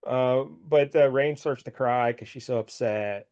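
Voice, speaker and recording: Brief: man, mid pitch, easygoing comic recap chatter, slightly dull lo-fi sound. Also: unhurried, a little mellow, clear, resonant tone. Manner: rambling, amused retelling with filler words. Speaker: podcast co-host. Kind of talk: casual chat, comic book recap.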